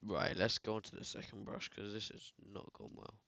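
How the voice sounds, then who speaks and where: A man's voice: lowish voice, fairly even intonation, normal speed, creaky, pushed and bright, no echo. A man with a British accent chatting casually while editing photos, rambling and slangy, full of filler words. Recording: dull, dry lo-fi sound.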